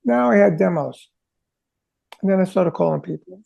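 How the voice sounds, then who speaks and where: Gravelly high-voiced man telling stories. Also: moderate pace, muffled recording. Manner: animated, sings drum parts vocally; acts out quoted conversations. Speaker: rock drummer, interview guest. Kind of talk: casual storytelling interview.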